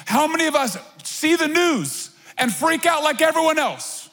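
A man preaching a sermon to his church, animated and conversational, with casual asides to the congregation. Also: very high-pitched, moderate pace. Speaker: pastor. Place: church auditorium. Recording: long reverb of a large hall.

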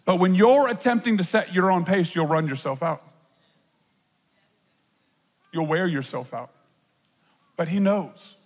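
A man preaching a lively sermon as a pastor, acting out little voices and playful asides. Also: high-pitched, moderate pace, big-room sound.

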